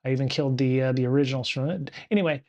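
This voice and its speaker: A man's voice: medium pitch, very fast, a little mellow. A man hosting a casual livestream show, rambling with lots of fillers and restarts from a home studio. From United States. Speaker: podcast host.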